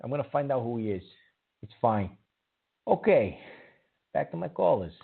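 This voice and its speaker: A flustered call-in host with a gravelly, fry-edged voice that jumps all over its pitch range. He stammers and loses his temper quickly. The sound is thin and tinny, like a phone line. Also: big pitch swings. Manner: flustered, stammering, easily riled. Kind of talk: call-in radio show hosting.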